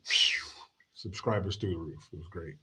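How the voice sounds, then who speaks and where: A man's voice: deep voice, steady tone, normal speed, sharp tone. A man hosting his own livestream in casual chat, telling family stories with lots of swearing and frequent laughter. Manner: profane, joking storyteller. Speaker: streamer and show host.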